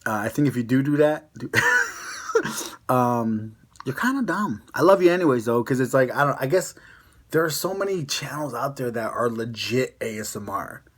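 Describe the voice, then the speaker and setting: A young man with a Connecticut accent talking casually to his viewers in a vlog. He rambles along in an easygoing way, full of fillers and restarts, at an average pitch. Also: brisk. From Connecticut, USA. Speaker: vlogger. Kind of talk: casual chat to camera.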